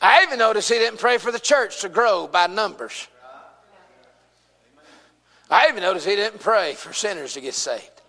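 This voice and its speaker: High, bright-voiced Southern preacher. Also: male voice, animated, moderate pace, long pauses, in a large hall. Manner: folksy, emphatic, calls out to the congregation. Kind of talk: sermon.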